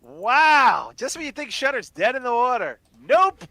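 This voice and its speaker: A man co-hosting a live-stream podcast, chatting casually in an excitable, profane way. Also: very high voice, measured pace. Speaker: podcast co-host.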